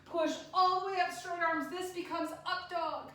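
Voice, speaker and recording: A woman teaching a yoga class for children, giving gentle sing-song instructions. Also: very high-pitched, fairly even intonation, unhurried. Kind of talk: guided kids' yoga class. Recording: echoey room, distant mic.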